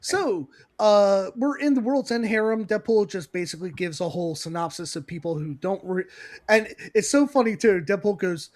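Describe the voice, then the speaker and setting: A man with a high, bright-pitched voice rambles through a comic-book plot on a casual podcast. He giggles often and keeps circling back to correct himself as he talks. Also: normal speed. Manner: rambling, giggly, laughs often mid-sentence. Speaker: podcast co-host.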